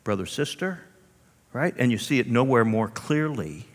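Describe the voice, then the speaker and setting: A male pastor preaching a sermon with animated storytelling and rhetorical asides, in a church hall. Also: medium pitch, normal speed. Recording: long hall reverb.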